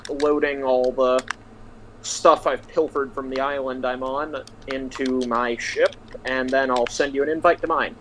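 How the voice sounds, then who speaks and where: A man's voice: medium pitch, little pitch movement, unhurried, fairly bright tone, slight background noise, poor audio. A man chatting easily with a friend while they play a game together. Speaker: gaming friend. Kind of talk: casual gaming chat.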